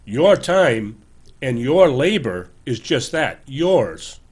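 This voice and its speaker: His mid-range voice is darkish with a breathy edge, very animated yet slow. He's a host in his 60s giving an earnest, emphatic political commentary monologue, urging listeners in a loose, conversational way and often correcting himself.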